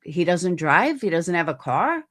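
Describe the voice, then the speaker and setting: A woman's voice: fairly low pitch, very animated, unhurried, fairly bright tone. A woman hosting reaction commentary, talking in a sarcastic, mocking way about a clip she plays. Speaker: commentary host.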